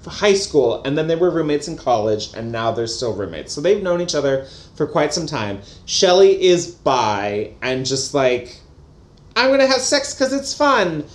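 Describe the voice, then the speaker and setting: Guy casually reviewing a book, jokey and animated, echoey room. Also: mid-range voice, normal speed. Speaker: podcast co-host.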